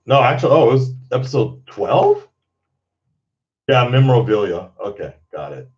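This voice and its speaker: A man's voice: medium pitch, very animated, normal speed, a little mellow, muffled recording. A man hosting his own channel, chatting casually, rambling and swearing freely and breaking into laughter. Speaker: channel host. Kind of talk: casual livestream chat.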